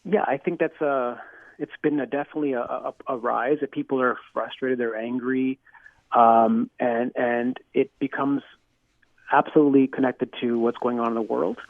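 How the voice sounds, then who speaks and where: Heard over a dry, tinny phone line, a male clinical psychologist speaks in a medium-pitched, steady voice at normal speed. He responds to interview questions in an earnest, explanatory manner, frequently starting over and using "you know."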